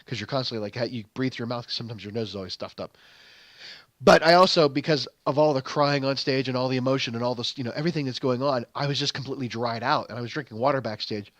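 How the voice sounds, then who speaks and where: A young adult man who hosts a game channel tells a long story about a stage, talking quickly at a medium pitch with a fairly bright tone. His casual commentary rambles, full of fillers and restarts, with no room sound.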